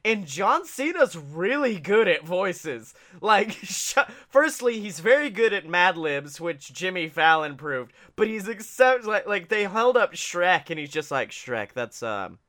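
A young man chatting casually on a podcast about wrestling, animated, laughing often and swearing freely as he acts out other people. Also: sits high, unhurried, hardly any pauses. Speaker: podcast co-host.

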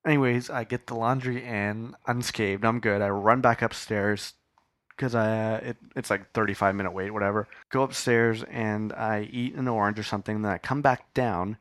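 Man, casual rambling storyteller, low voice, dry home studio, podcast mic, swears loosely. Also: steady tone, moderate pace, a bit bright, no echo. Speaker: podcast host.

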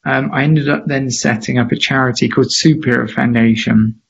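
A man, a charity founder and interview guest, telling a lively anecdote and acting out the voices of the people in it. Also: mid-range voice, brisk, gravelly, a little hiss or hum. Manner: lively, acts out quoted voices, laughs often. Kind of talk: animated anecdotal storytelling. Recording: slightly dull lo-fi audio.

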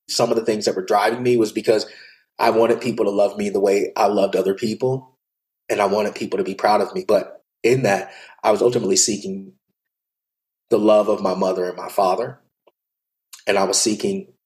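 Male podcast guest, confessional storyteller, mid-range pitch, sincere and candid. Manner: earnest, heartfelt, confessional, with quiet hushed passages. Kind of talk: personal storytelling in an interview.

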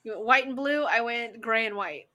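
A woman in her thirties chats through a card game with her friend and pokes fun at herself. She giggles often. Her voice is high and bright. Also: lively intonation, moderate pace. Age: 30s. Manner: giggly and self-mocking. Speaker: co-host. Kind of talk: casual chat playing a game.

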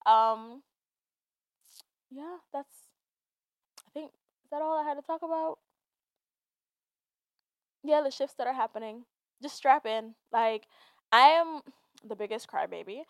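On a solo podcast, a woman with a high voice rants casually, a little slowly and with frequent pauses, and there's no room sound. She's chatty and animated, tossing in lots of "like"s and laughing often.

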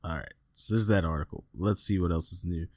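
A man hosting a casual podcast, reading headlines and telling stories in an animated way, swearing freely and laughing often. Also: sits low, fairly quick, dry recording, clean studio sound. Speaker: podcast host.

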